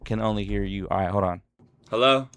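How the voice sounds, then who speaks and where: A man hosting a casual livestream, talking loud with slangy, joking banter into a desk microphone. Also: lowish voice, a little fast, background noise. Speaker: livestream host. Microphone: desk microphone being adjusted.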